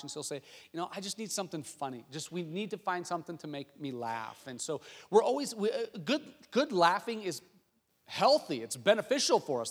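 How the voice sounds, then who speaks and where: A male pastor preaching a sermon, telling stories and asking the congregation questions with rising excitement. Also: fairly high pitch. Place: church sanctuary. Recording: long hall reverb.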